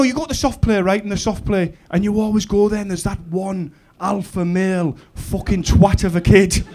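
A man in his thirties with a Middlesbrough accent doing a stand-up comedy routine, telling an animated, sweary story with big swings in pitch and loudness. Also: a little hiss or hum. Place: comedy club stage.

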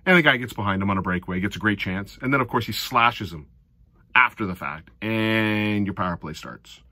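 A middle-aged man giving a casual recap of a hockey game, animated and sarcastic, often exasperated. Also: lowish voice, brisk, no room sound, clean studio sound. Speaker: hockey fan commentator.

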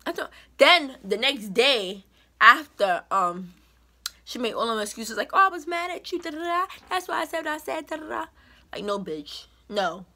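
A woman's voice: high-pitched, lively intonation, moderate pace, bright, forceful tone. A young woman vlogger telling a storytime in an emphatic, indignant way. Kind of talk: storytime vlog.

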